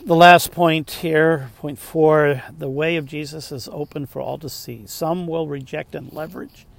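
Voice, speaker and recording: A pastor preaching a sermon, rising to emphatic points and dropping to soft, slowed asides. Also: male voice, on the high side, fairly even intonation, vocal fry, no room sound.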